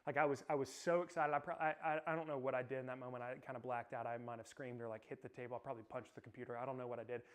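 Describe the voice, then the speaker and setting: A young man giving a youth sermon, telling a personal story in a casual, energetic way full of filler words. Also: mid-range voice, racing, hardly any pauses. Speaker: youth pastor. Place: youth service room, streamed live.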